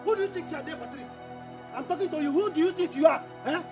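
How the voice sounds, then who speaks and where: A raging, stammering younger brother. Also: male voice, very high voice, quick pace, music in the background. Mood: defiant. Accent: Nigerian. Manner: shouting, stammering, repeating himself. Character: angry grieving younger brother, defiant man. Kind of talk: Nollywood film acting.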